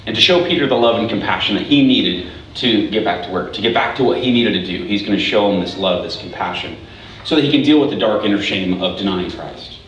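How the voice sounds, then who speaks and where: A man's voice: on the low side, a little fast, a bit bright, distant mic, highs cut off. A man giving a casual, conversational sermon as pastor, often restarting and checking in with "right?" asides. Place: church hall. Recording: very echoey hall, voice from afar, faint hiss.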